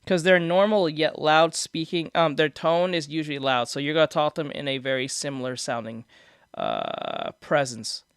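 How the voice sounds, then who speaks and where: A man's voice: on the high side, very animated, moderate pace, vocal fry, fairly bright tone, clean tone, no room sound, clean studio sound. A man chatting casually on a stream, answering viewers and explaining things in a rambling way, restarting sentences and laughing at his own jokes. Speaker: streamer reacting to viewer comments. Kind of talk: casual live-stream chat. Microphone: desk microphone.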